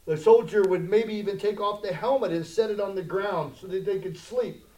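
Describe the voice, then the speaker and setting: A male pastor preaching a conversational sermon that swells into loud, emphatic challenges, in a church sanctuary. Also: high voice, moderate pace. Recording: echoey room.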